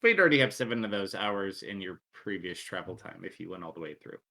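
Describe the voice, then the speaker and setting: A man's voice: low voice, animated, fast, creaky, sharp tone. A man acting as dungeon master, laying out travel times and options for the players in a laid-back way. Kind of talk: running a tabletop game.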